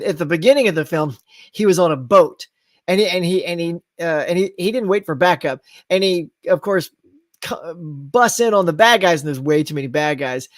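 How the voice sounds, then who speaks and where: Male host, casual live-chat delivery, rambling and animated, slightly high voice, dry close mic. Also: no echo. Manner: rambling and animated, laughs at his own tangents. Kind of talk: casual live-stream chat reading viewer comments.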